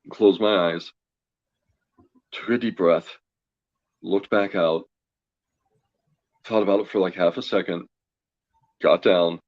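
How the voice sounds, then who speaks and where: A tarot reader from Colorado, appearing as an interview show guest, tells a story chattily, laughing often and acting out what he and others said. His voice sits low, and the lo-fi recording has no room sound.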